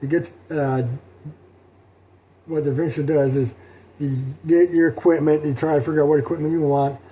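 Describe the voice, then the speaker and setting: A middle-aged man talking through his solo tabletop role-playing session in a rambling, halting way, with many fillers and restarts. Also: a little high, flat delivery, mellow, breathy edge. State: sleepy, yawning. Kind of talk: rambling casual talk.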